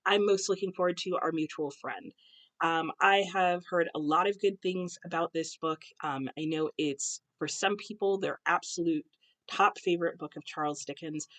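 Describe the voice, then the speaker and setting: A woman's voice: sits low, a bit bright. A young American woman chatting casually to camera about books at home, with many ums and self-corrections. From United States. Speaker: booktuber. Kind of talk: casual book chat to camera. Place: home, husband cooking nearby.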